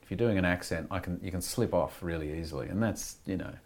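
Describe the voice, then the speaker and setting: Male actor, very low voice, loose rambling interview talk, self-mocking. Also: fast, creaky, darkish tone. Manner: candid, rambling, self-deprecating with laughs.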